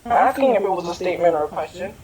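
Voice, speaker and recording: Fast-talking insistent woman ranting. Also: lowish voice, darkish tone, low-quality recording. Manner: insistent, argumentative, repeats herself. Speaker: streamer in a clip being reacted to. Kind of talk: heated livestream rant.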